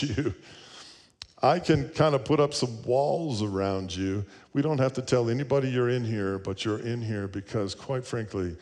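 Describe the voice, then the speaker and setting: A man speaking as God, softly and reassuringly, offering protection. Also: big-room sound, natural voice. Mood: hushed. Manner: soft, low, reassuring.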